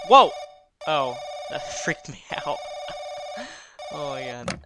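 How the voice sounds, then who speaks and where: A man's voice: medium pitch, expressive, slow, long pauses, noisy background. A young man commentating his horror game playthrough in a jokey, easily startled way. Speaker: let's play host. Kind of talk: gameplay commentary.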